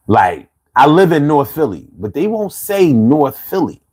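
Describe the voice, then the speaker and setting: Streetwise Philly-accented man in his fifties hosting a live stream, lively swings in pitch, laid-back and quick to laugh. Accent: Philadelphia. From Philadelphia, USA. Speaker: livestream host. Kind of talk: casual live chat reading comments.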